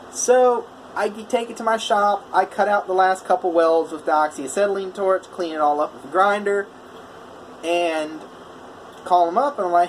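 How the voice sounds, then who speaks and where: A man's voice: high voice, moderate pace, slight background noise, poor audio. Casual rambling man telling a story. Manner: rambling, full of "you know" and "I was like". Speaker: welder.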